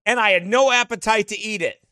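A man with a strikingly high, bright voice tells casual stories while flipping through his photos. He is animated, laughs often, and the sound is dry and close. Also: fairly quick, clean tone, dry recording. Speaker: vlogger showing travel photos. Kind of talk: casual storytelling.

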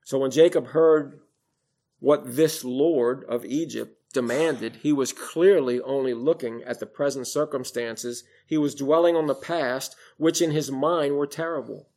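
A man preaching a sermon, quoting scripture in old King James wording and swinging from loud emphasis to quiet, low passages. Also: a little slow. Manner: rises and falls in volume, emphatic then hushed.

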